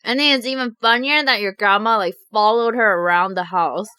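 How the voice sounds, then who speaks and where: Reading out confessions from her viewers, this woman mukbang vlogger keeps things chatty and lively, often breaking into giggles. The close-miked recording is dry, and her voice comes across bright, crisp, clean and fairly high.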